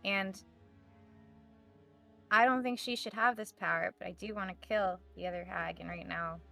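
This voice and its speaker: A woman's voice: mid-range voice, moderate pace, vocal fry, pushed and bright, soft background music. A woman playing a tabletop game in character, hesitant and thinking aloud as she speaks. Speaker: player.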